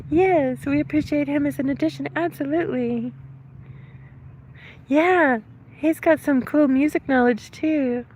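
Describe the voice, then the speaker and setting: Out walking, a woman with a high voice streams live, a little breathless as she chats, laughs often and thanks viewers by name from the chat. She's unhurried with long pauses, her tone darkish, and there's a little hiss or hum in the audio.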